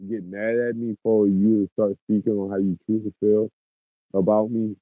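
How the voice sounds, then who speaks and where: A man's voice: fairly low pitch, little pitch movement, moderate pace, no echo, phone-quality sound. A man hosting a podcast in casual, profane talk, looping back over his words and restarting phrases as he goes. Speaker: podcast host.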